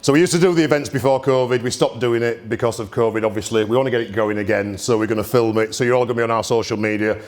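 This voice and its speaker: A man's voice: medium pitch, fairly even intonation, racing, few pauses. A man hosting a live gin tasting event, talking bluntly to the audience with cheeky banter. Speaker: gin distillery host. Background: audience murmur and laughter.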